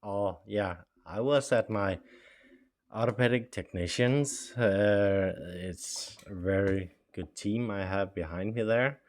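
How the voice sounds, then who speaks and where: A man's voice: on the low side, slow, darkish tone. A middle-aged man whose first language is Norwegian, telling his own life story in a chatty way, full of fillers and small laughs. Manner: chatty, with frequent fillers and laughs, acts out quoted dialogue. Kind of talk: casual storytelling.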